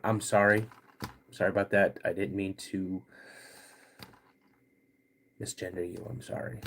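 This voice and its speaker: Slow-talking man in his fifties hosting. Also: medium pitch. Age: 50s. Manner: halting, greets chat viewers by name. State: getting over a cold, clearing his throat. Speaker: podcast host. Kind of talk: casual live-stream chat.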